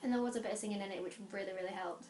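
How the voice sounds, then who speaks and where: A young woman from the North West of England with a Lancashire accent, talking to camera in an animated, chatty way, full of quick asides and restarts. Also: mid-range voice, reverberant, slight background noise. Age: young adult. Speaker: vlogger. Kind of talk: casual chat.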